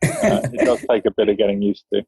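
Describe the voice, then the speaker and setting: A British man in his fifties, a physician answering interview questions in a measured, dry, understated way. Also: lowish voice, very animated, darkish tone, slightly rough, dry recording, rough recording. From England. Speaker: guest physician.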